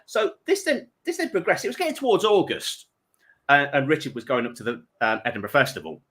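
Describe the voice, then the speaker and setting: Man, host, bright tone, chuckling, rambling storyteller. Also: a little high, big pitch swings, a little fast. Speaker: host of a charity livestream. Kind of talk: casual chat, telling an anecdote.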